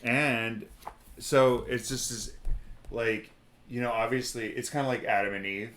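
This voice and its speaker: A man's voice: medium pitch, fairly even intonation, measured pace, a bit bright. A man co-hosting a casual podcast chat about scripture, meandering with lots of fillers and reading passages aloud. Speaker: podcast co-host.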